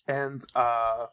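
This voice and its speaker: Man retelling a comic, bursting into high voices. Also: clean tone. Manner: animated retelling, voices characters with high-pitched bursts, swears casually. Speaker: podcast host. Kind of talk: casual chat recapping a comic. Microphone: desk mic.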